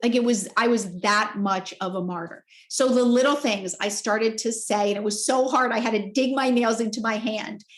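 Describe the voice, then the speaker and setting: As a podcast guest, a candid woman in her forties shares a personal story in an expressive, heartfelt way. Her slightly high voice moves at a moderate pace with few pauses, and a roomy echo surrounds her.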